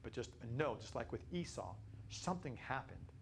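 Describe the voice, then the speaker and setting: A man teaching a Bible study class, animated and repetitive, building to emphatic peaks. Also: medium pitch, moderate pace, gravelly, slight background noise.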